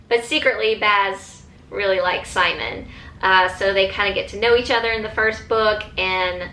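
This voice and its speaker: Woman vlogger, casual and gushing, bright tone, roomy echo. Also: mid-range voice, slight background noise. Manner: enthusiastic, chatty, many fillers and restarts. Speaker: book vlogger. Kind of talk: casual chat.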